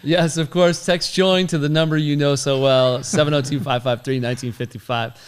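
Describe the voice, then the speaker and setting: A man's voice: on the high side, steady tone, a little fast, smooth. A man hosting a casual group podcast, upbeat and chatty, laughing often. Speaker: podcast host.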